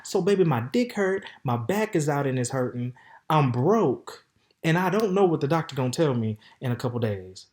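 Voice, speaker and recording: A man hosting a podcast, telling a candid story in a sassy, flamboyant way, with loud outbursts and low mutters. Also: moderate pace. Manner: flamboyant, sassy, animated, calls listeners "baby" and "honey". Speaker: podcast host. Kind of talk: casual storytelling monologue.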